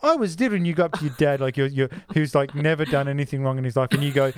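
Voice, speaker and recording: A man's voice: mid-range voice, very fast, clean tone, dry recording. A man co-hosting a casual film podcast, telling stories and acting out the voices of people in them. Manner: animated, acts out voices of people in his stories. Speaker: podcast co-host.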